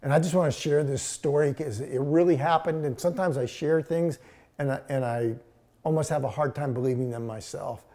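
An older man, a pastor with grandchildren, preaching a sermon, telling a story and then slowing down to stress words, sometimes dropping close to a whisper. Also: on the high side, warm tone. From Texas.

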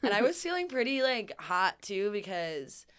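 A woman telling a story in casual chat, animated and laughing, acting out what people said. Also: medium pitch, moderate pace, clean tone. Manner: animated, laughing, acts out quotes. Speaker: guest storyteller.

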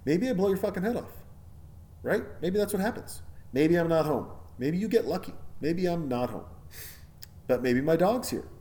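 A man in a casual rant, swearing freely, asking "right?" again and again and acting out other people's voices. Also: fairly high pitch. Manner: profane, animated, keeps asking "right?".

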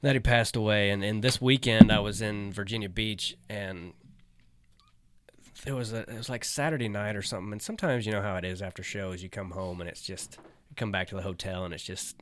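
A man's voice: on the low side, fairly even intonation, brisk, noisy background. A middle-aged man, a stand-up comedian, telling a story in casual, laid-back chat, swearing and livening up when he quotes friends.

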